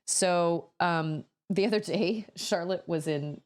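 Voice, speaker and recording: A woman's voice: fairly low pitch, slow pace, darkish tone. A woman in her thirties chatting casually as a streamer, laughing often and breaking into sudden exclamations. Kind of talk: casual chat while building.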